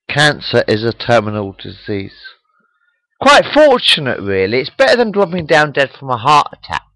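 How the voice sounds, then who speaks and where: A man's voice: mid-range voice, fairly bright tone, no echo, rough recording. A man in his forties talking to his webcam at home, upset and shocked, rambling and repeating himself while asking the viewer questions. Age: 40s. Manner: slow, repetitive, asks the viewer questions. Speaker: webcam vlogger. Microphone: webcam microphone.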